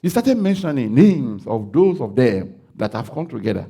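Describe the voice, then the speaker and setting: A Nigerian man, a pastor, preaching a sermon and acting out the dialogue of a story he tells, breaking into loud declarations. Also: mid-range voice, very animated, normal speed, vocal fry, slightly rough.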